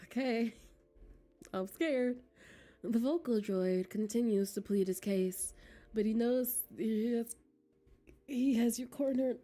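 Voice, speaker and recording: A woman's voice: mid-range voice, unhurried, pauses often, warm tone, soft background music. A woman streamer reading a game aloud, giggly and flustered, dropping into whispers as she reads.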